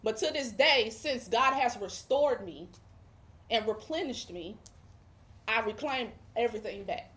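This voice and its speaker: A woman's voice: on the high side, expressive, unhurried, fairly bright tone. A woman guest giving a religious testimony, speaking emphatically with preacher-like repetition. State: emotional, near tears at times.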